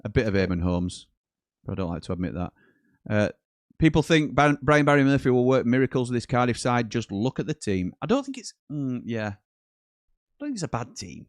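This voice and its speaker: A man's voice: medium pitch, a little fast, no room sound, clean studio sound. Chatty British man hosting a watchalong. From Britain. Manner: reads viewer comments aloud and breaks into excited match commentary. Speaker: watchalong host. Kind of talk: live football watchalong chat.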